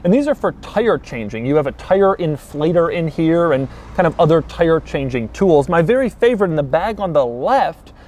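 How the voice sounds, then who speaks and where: A man's voice: fairly high pitch, animated, normal speed, few pauses, a little mellow. A man giving a casual, enthusiastic car walkaround review with wry asides.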